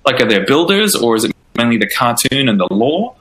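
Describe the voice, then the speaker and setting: A man hosting a casual interview in an easygoing, agreeable way. His voice is bright and forward, set at a middle pitch. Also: big pitch swings, a little fast, low-quality recording. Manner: easygoing, agreeable, asks questions.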